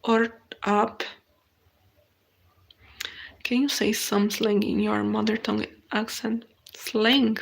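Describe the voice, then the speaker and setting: A Brazilian woman whose first language is Portuguese, hosting a casual live stream in halting English, reading viewer comments aloud and answering them. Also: mid-range voice, little pitch movement, vocal fry. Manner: unhurried, halting non-native English with frequent restarts.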